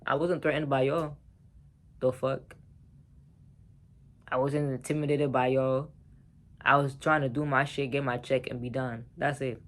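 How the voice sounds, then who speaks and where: A man's voice: medium pitch, moderate pace, pauses often. A man telling a personal story in a casual vlog, heated and profane, talking straight to the viewers.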